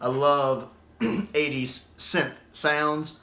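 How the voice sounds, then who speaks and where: Chatty guy doing a casual review, keeps cracking up, voice sits kinda high, roomy echo. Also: little pitch movement, very slow, very noisy. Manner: laughs often between remarks; chatty, repeats himself, self-corrects. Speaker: video reviewer. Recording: echoey room.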